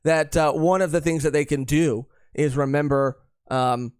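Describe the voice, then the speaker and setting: A man co-hosts a live podcast stream, chatting casually and rambling with plenty of fillers and repeated phrases. His voice is fairly high and fairly even in intonation, darkish yet clear and resonant, at a normal speed. The recording is clean studio sound with no room echo.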